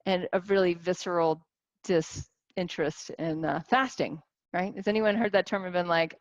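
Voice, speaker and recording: A woman in her forties giving a casual teaching talk to a group as a wellness coach, animated, with many restarts and rhetorical questions. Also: lowish voice, normal speed, no room sound, dull audio. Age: 40s.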